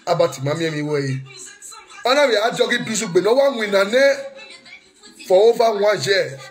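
A man in an emotional monologue, switching between shouting, pleading apologies and snatches of song, with Pidgin mixed in. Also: sits high, animated, moderate pace. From Nigeria. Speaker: social media commentator. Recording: faint music behind.

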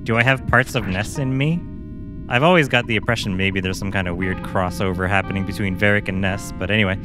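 A man's voice: lowish voice, a little fast, music in the background. A man hosting a let's play, chatting and joking casually as he plays. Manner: jokey, laughing, chatty. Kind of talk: casual game commentary.

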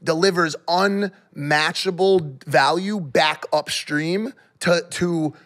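A man's voice: on the high side, slow pace, fairly bright tone. A man co-hosting a casual podcast chat, thinking aloud in long rambling sentences with restarts and casual swearing. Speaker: podcast co-host. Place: podcast studio.

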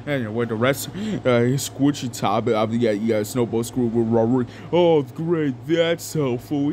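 A man's voice: medium pitch, darkish tone, slight background noise. A young man doing an improvised comedic fan dub, rambling and crude with lots of fillers. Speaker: fan dubber.

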